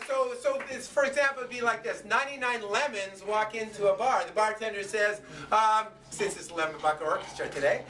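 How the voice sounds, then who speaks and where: An improv host working a live theater crowd, chatty and full of fillers and restarts. The voice is caught from far off in an echoey room. There is a steady layer of noise under it. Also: mid-range voice. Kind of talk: live stage hosting. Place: small theater stage with audience. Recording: echoey, distant, noisy live recording.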